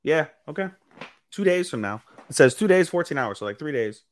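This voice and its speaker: Excitable high-voiced man recapping anime. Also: a little fast, no room sound. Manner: profane, rambling, animated recapping with put-on quotes. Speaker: podcast co-host. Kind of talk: casual chat, anime recap.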